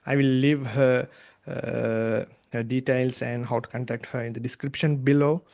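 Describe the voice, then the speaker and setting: Man, podcast host, medium pitch, halting delivery, frequent filler pauses. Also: flat delivery, vocal fry, darkish tone. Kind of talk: interview hosting.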